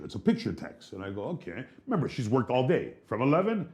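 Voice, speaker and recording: A man's voice: medium pitch, wildly swooping pitch, quick pace, a little mellow. A man, co-hosting a podcast, telling rambling, profane stories and playing out both sides of old conversations. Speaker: podcast co-host. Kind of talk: casual storytelling chat.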